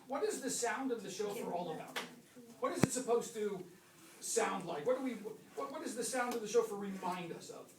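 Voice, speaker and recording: A woman teaching a class, playfully quizzing her students with lots of questions and lively swings in her voice. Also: brisk, background noise. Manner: playful, asks many questions, animated swings in pitch. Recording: echoey room, mic far off.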